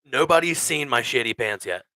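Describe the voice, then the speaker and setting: A man hosting a podcast, telling a crude story in a casual, animated way, swearing a lot. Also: medium pitch, moderate pace, no echo, rough recording. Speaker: podcast host.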